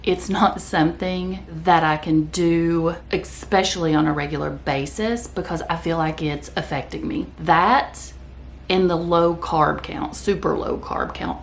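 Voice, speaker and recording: A woman's voice: on the low side, a little slow, vocal fry, a little hiss or hum. A woman vlogger talking casually to the camera in a chatty, rambling way, sometimes speaking with her mouth full. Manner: chatty, rambling, talks while eating.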